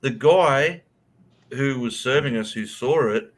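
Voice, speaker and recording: A man in casual chat, earnest and quick to agree, who swears offhandedly while telling his own story. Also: mid-range voice.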